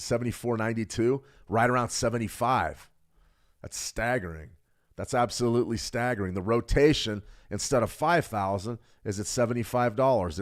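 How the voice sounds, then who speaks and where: A middle-aged man hosting a live trading stream, walking through charts quickly and joking with viewers in the chat. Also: on the low side. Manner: fast, animated, jokes with viewers. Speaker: trading show host. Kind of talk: live market analysis with chat replies.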